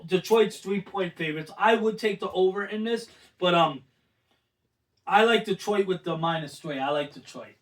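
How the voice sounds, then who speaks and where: A high-pitched man talking sports in a loose, rowdy way. He is loud and animated and swears freely. His voice sits back from the microphone. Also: moderate pace, recorded from a distance, low-quality recording. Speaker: sports talk show host. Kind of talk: casual sports chat.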